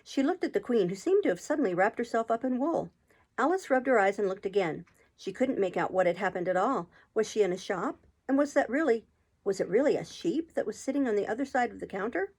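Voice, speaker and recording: A woman reading a children's classic aloud, narrating in a calm, steady way. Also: medium pitch, a little fast, breathy edge. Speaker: channel host reading a book aloud. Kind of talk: storybook narration.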